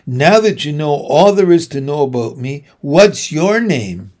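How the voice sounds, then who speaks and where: A man's voice: a little high, lively intonation, a little slow, a little mellow. A man reading aloud, voicing a cheerful, joking teenage girl who works at a library. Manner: upbeat, joking.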